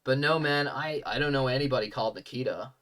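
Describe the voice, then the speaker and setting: A man's voice: medium pitch, fast talker, a bit bright, far from the mic, close to an everyday voice. A man voicing a laid-back, chummy male tabaxi merchant who talks in a breezy, surfer-like way.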